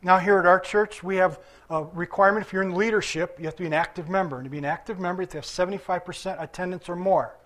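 A man's voice: high voice, steady tone, very fast, few pauses, fairly bright tone. A male pastor preaching a sermon in a conversational way, with casual asides. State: limping after surgery.

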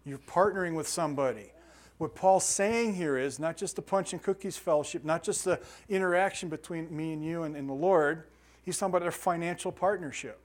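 A man's voice: fairly high pitch, fairly quick. A middle-aged man, a pastor, teaching a bible study in a conversational, joking way and asking his group questions. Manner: conversational, jokey, asks the audience questions.

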